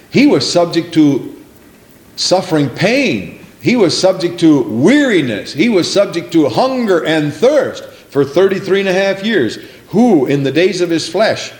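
A man preaching a sermon, repeating lines for emphasis and calling for responses from the congregation. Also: mid-range voice. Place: church sanctuary. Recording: echoey room.

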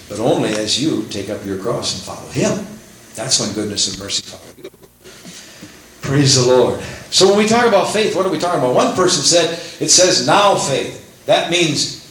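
A preacher man delivering a sermon, his voice rising and falling with lively inflection as he quotes scripture. He is recorded in a heavily echoing church with a faint hiss underneath. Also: medium pitch. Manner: animated preaching, quoting scripture and acting out prayers. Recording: very echoey room with faint hiss.

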